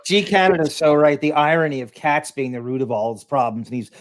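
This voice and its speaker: A male co-host with a somewhat high voice makes dry, wry jokes in easy banter. His tone stays sardonic and unhurried. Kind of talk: profane radio show banter.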